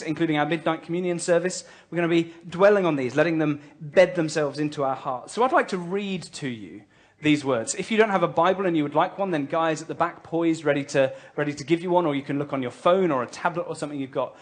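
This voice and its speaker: A man preaching a sermon as pastor of his church, telling a story conversationally with light humour and frequent fillers. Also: fairly high pitch.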